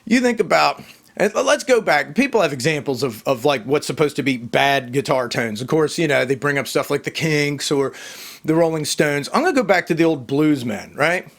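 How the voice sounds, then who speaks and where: A man's voice: fairly high pitch, expressive, moderate pace, creaky. A man ranting casually to camera, emphatic and rambling, often repeating himself. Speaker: vlogger. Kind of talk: casual opinion rant to camera.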